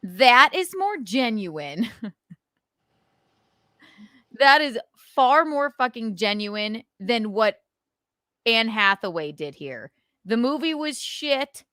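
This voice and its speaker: A woman hosting a casual live stream, animated and swearing as she acts out scenes. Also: on the high side, no echo, studio quality. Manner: animated, swearing, acting out scenes with quick voices. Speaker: podcast host.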